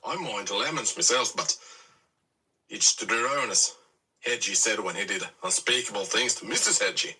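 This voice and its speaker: A man's voice: fairly low pitch, normal speed, pushed and bright, husky, far from the mic, exaggerated voice, low-quality recording. Man putting on a crude Aussie bloke. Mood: cheeky. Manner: matey slang and cheerful insults.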